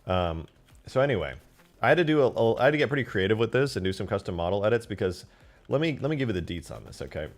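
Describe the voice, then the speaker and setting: Excitable, foul-mouthed male streamer, low voice. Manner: excitable, swears a lot, flares into loud outbursts. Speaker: game modder streaming live. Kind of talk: casual live-stream commentary.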